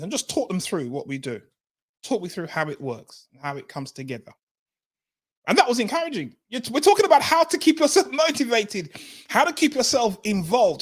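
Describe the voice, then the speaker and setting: A man hosting a live-streamed motivational talk show, energetic and repeating key phrases for emphasis, laughing often as he talks. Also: sits high. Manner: laughs often while talking.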